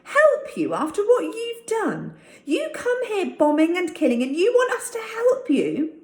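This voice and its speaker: A woman reading a storybook aloud, voicing an angry young boy who is almost shouting. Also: fairly high pitch, lively intonation, moderate pace, voice pushed up, close to an everyday voice. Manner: shouting with anger. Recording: roomy echo.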